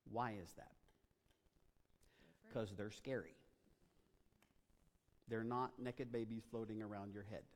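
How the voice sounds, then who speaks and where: A man's voice: fairly low pitch, steady tone, measured pace, pauses often. Man preaching in an echoing hall. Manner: dramatic, rising to loud emphatic passages. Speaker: pastor. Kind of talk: sermon. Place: church auditorium. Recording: long reverb of a large hall.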